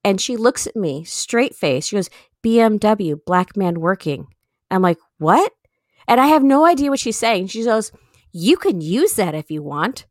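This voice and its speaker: Animated woman telling a story. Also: moderate pace, no echo, clean studio sound. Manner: animated, jumps into high excited bursts while storytelling. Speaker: comedian and podcast co-host. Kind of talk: casual chat, telling stories.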